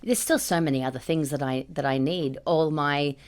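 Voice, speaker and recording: A woman's voice: sits low, normal speed, darkish tone. A woman with an Australian accent hosting a podcast, chatting casually and swearing freely. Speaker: podcast host. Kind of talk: casual chat.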